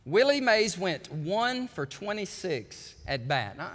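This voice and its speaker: A man, the pastor, preaching a sermon in a large church and telling a story with animated delivery. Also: high voice, slow. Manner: animated storytelling, acting out quoted voices. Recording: church sanctuary with long reverb.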